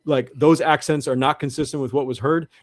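A man's voice: on the high side, steady tone, fairly quick, dry recording. A man as an interview guest, talking in an earnest monologue that often repeats and restarts. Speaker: guest researcher.

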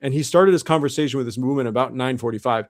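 A man's voice: medium pitch, quick pace, no room sound. Earnest man explaining at length. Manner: earnest, restarts often, builds argument step by step. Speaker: guest. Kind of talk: conversational interview explanation.

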